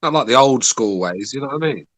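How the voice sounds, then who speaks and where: English guy, podcast co-host, blunt, foul-mouthed, mid-pitched voice. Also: expressive, fast, fairly bright tone. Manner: blunt, profane banter. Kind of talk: casual podcast chat.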